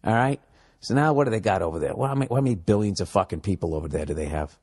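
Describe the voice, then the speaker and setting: A man hosts his own comedy podcast, reading out news items and tearing into them with profane asides. He rambles, stumbles over words and bursts into mock shouting for laughs. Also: low voice, rapid-fire, breathy edge. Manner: profane, riffing, shouting bits in put-on voices. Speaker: podcast host. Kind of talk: solo comedy podcast rant.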